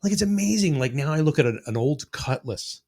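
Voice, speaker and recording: Husky and darkish in tone, this sixty-something man's voice is fairly high, with lively intonation and a slightly fast delivery. As a podcast host he rambles through long, profane stories in casual chat, voicing the quotes of the characters.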